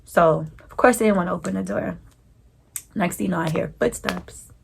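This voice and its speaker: Gravelly New woman telling a story. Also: on the low side, moderate pace, noisy background. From New York. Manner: animated, slangy storytelling. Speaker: vlogger. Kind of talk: storytime vlog.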